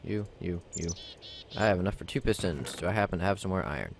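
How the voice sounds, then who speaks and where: A man's voice: deep voice, lively intonation, normal speed, vocal fry, a little hiss or hum. A man giving casual gameplay commentary, rambling and self-mocking as he talks himself through crafting. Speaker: let's play gamer.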